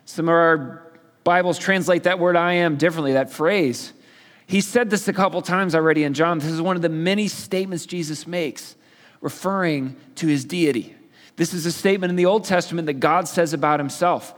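A man's voice: on the high side, fairly quick, a bit bright, in a large hall. A male pastor teaching a sermon in a casual, storytelling way with playful asides. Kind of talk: sermon, conversational Bible teaching.

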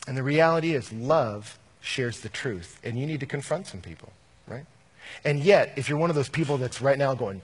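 A man preaching a sermon as pastor, animated, shifting from loud bursts to hushed, earnest lines. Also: mid-range voice, moderate pace, husky.

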